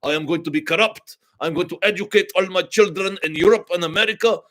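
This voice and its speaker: A man's voice: sits high, fast, a bit bright, pitched above the performer's own voice. A man putting on a smug, decadent, corrupt shah who brags about partying and ignoring his people, in a mocking sing-song voice. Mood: smug mockery.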